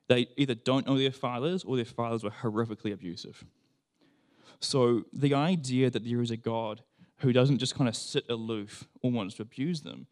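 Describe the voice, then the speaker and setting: Animated man preaching. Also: medium pitch. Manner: animated storytelling, acts out quoted voices. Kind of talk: conversational sermon with scripture reading.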